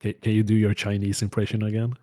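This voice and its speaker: A man co-hosting a comedy podcast, teasing bluntly with quick interjections in crude banter. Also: fairly low pitch, monotone, dark tone, no room sound, studio quality. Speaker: podcast co-host.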